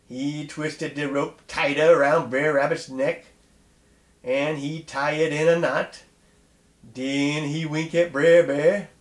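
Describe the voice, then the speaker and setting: A man telling a folk tale aloud in a lively dialect style. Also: on the high side, takes it slowly, reverberant. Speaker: storyteller.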